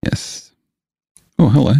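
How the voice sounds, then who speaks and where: A man's voice: slow pace, warm tone, no room sound, studio quality. A man co-hosting a podcast, giggling and teasing as he talks. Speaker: podcast co-host. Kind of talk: casual podcast chat.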